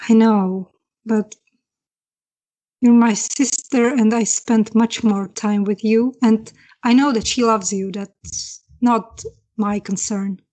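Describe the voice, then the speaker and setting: A woman's voice: a little high, steady tone, slow pace, darkish tone, poor audio. A woman playing her character in a tabletop game, speaking hesitantly and searching for words. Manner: hesitant, searching, many restarts. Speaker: player. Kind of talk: in-character role-play.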